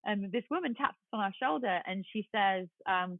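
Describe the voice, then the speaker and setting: A woman in her forties with an English accent, a guest telling a lively story and acting out the voices of the people in it. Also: fairly high pitch, fairly quick, few pauses, dry recording. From London. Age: 40s. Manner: lively, acts out quoted voices. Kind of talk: storytelling in a casual chat. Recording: tinny phone-like line, dry.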